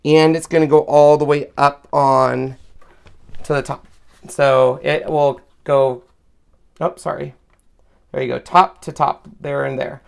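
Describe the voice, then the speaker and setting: A man's voice: a little high, flat delivery, unhurried, vocal fry, pauses often, clear, resonant tone. A man hosting a live craft tutorial, chatting step by step and thinking aloud as he lays out a card. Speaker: craft host demonstrating card making.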